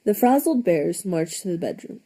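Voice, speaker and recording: Young woman, children's storybook reader, expressive, mellow husky tone. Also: fairly low pitch, normal speed. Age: young adult. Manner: expressive, lively character voices. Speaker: audiobook reader.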